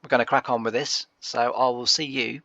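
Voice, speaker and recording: A man's voice: medium pitch, little pitch movement, brisk, vocal fry, bright, forceful tone, no room sound, muffled recording. A man giving casual, rambling gameplay commentary on a farming game, full of fillers and asides.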